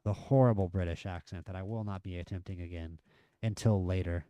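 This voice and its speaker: Male game streamer with a low, smooth voice, chatty live match commentary, excitable at big moments. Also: a little fast, no echo, dull audio. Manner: chatty, excitable at near misses and goals.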